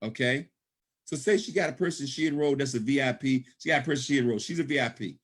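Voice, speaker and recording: A fast-talking middle-aged man with a medium-pitched voice delivers a sales pitch on a conference call. He presents the business opportunity emphatically and repetitively, frequently checking in with "okay?"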